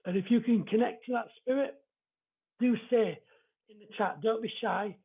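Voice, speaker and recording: Yorkshire male medium, gravelly and husky, hesitant and chatty, phone-quality audio. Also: high voice. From East Yorkshire. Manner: chatty, halting, many fillers and restarts. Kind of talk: live-streamed reading. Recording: tinny phone-like sound.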